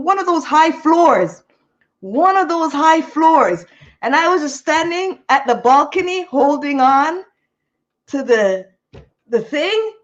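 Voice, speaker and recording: A woman tells a story in a vlog, slow and unhurried, her voice pitched a little high. She repeats her phrases in an animated way and laughs between them. The recording sounds slightly dull and lo-fi. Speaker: vlogger. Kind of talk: casual storytelling.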